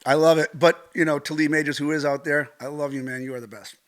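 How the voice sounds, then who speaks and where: A middle-aged American man, a stunt coordinator, telling a vivid personal story with lively gestures and acted-out quotes. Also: a little high, fast talker. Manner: animated, acts out quotes, swears casually.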